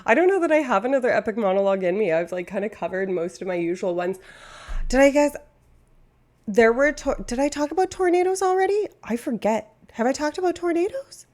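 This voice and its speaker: A woman's voice: a little high, lively intonation, brisk, darkish tone. A woman from Canada, a streamer chatting casually and rambling, laughing often at herself. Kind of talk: casual chat.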